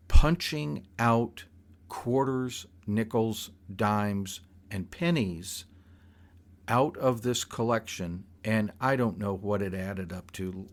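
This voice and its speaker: An older man telling a personal story in a rambling, halting way, with frequent restarts. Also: on the low side.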